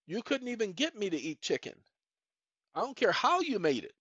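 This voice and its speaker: A man's voice: high-pitched, big pitch swings, normal speed, slightly rough, no echo. A middle-aged man hosting his own channel, rambling through a personal monologue and speaking straight to his viewers. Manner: rambling, repeats "ladies and gentlemen", talks straight to the audience. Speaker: channel host. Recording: muffled lo-fi, dry.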